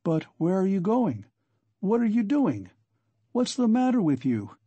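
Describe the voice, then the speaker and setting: A man's voice: high voice, huge pitch swings, a little slow, dark tone, slightly rough, no echo, lo-fi sound, pitched above the performer's own voice, full character voice. A man voicing a bewildered, loyal young male friend who questions urgently in a raised voice. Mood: frantic.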